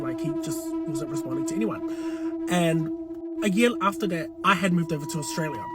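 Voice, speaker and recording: Young man telling a casual storytime. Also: sits high. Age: 20s. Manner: loose, swearing, lots of fillers. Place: dark room. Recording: loud background music. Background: music.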